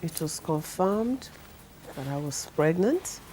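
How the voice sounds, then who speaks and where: A middle-aged woman, telling her testimony in a lively way and acting out the people she quotes. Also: low-pitched, slow, a little hiss or hum, rough recording. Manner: acts out the people she quotes, laughs often. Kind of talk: animated storytelling.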